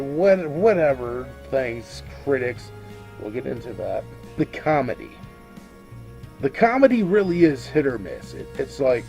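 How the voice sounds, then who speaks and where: A man's voice: mid-range voice, lively intonation, a little slow, warm tone, soft background music. A drunk man giving a casual video review of a movie, rambling, swearing freely and tripping over his own words.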